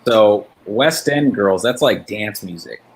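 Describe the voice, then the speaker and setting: A man's voice: on the low side, expressive, slow pace, heavy background noise. A man in casual chat as a guest, laid-back and easygoing.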